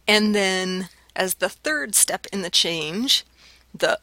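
A woman's voice: mid-range voice, slow pace, sharp tone, no echo. A woman instructor giving a casual, explanatory recorded linguistics lecture, with fillers and restarts.

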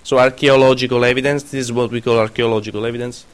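A man's voice: mid-range voice, fairly even intonation, rapid-fire, clear, resonant tone. A man lecturing a class, often stopping to question students and correct himself.

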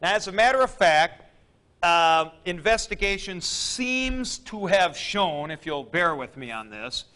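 Slow, bright-voiced male Greek teacher. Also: sits high, big pitch swings. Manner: deliberate, dry joking asides. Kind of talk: classroom lecture.

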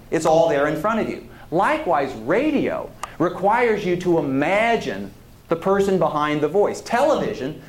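Male history lecturer, talky and digressive, animated delivery in a reverberant hall. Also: fairly high pitch, moderate pace. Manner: conversational, digressive, asks the audience questions. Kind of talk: public lecture.

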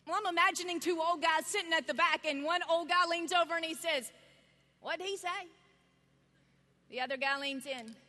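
A woman giving a sermon, telling the story with lively energy and acting out the voices of the people in it. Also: extremely high pitch, quick pace, hardly any pauses. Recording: long reverb of a large hall.

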